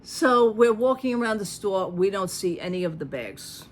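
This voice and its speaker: A woman's voice: mid-range voice, normal speed, a little hiss or hum. A middle-aged woman chatting in a casual storytime vlog, retelling a store visit with sarcastic asides. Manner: chatty, animated retelling, acting out the people in her story. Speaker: vlogger.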